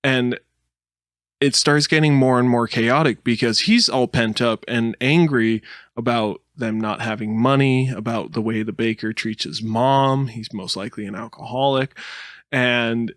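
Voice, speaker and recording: A man's voice: mid-range voice, dry recording, clean studio sound. A man co-hosting a podcast, telling a made-up story in casual chat with lots of laughs. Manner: animated storytelling with laughs and silly put-on voices. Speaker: podcast co-host.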